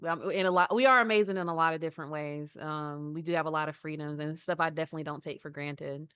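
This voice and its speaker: A woman with a fairly low voice rambles through a casual live-stream chat. She answers her viewers as she goes and laughs often, and the stream audio sounds dull and lo-fi. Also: fairly even intonation, fast talker, fairly bright tone, clean tone. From United States.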